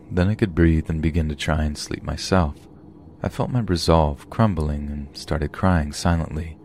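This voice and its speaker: Male podcast narrator with a low voice, reading horror stories steadily. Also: a little mellow, slight background noise. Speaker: podcast host and story narrator.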